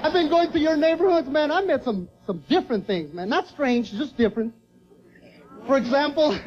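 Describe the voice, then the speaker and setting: A man's voice: extremely high pitch, moderate pace, long pauses. A man performing stand-up comedy for a live concert crowd, joking and working the audience. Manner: joking, animated crowd work. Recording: lo-fi concert recording with loud crowd noise.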